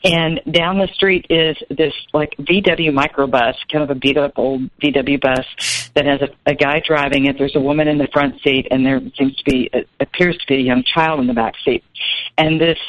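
A woman's voice: deep voice, dry recording, lo-fi sound. Chatty woman guest, telling a story. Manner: chatty, many fillers, animated when quoting. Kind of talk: casual storytelling interview.

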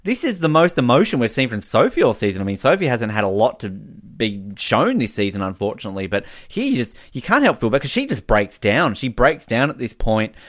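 A man's voice: mid-range voice, a little fast, hardly any pauses. A man co-hosting a podcast, chatting casually and animatedly with lots of "like" fillers. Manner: animated, many "like" fillers, giggles often. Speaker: podcast co-host. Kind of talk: casual recap chat.

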